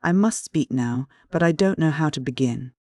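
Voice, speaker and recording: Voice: mid-range voice, expressive, normal speed, a little mellow, no room sound, lightly acted. An audiobook reader voicing a tormented young man who confesses in despair, read in a dry, close recording. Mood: anguished. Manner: pleading, despairing dialogue. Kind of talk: audiobook character dialogue.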